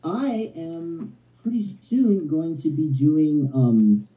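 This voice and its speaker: Guy calling in, rambly and halting, really dark mellow voice, sounds far off on the phone. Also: a little high. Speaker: phone-in guest. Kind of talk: casual chat. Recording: echoey phone call from far off.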